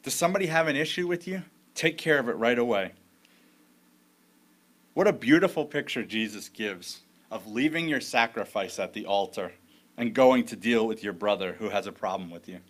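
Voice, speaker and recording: A man's voice: mid-range voice, expressive, normal speed. A man preaching a sermon as pastor, in a conversational storytelling way with frequent restarts.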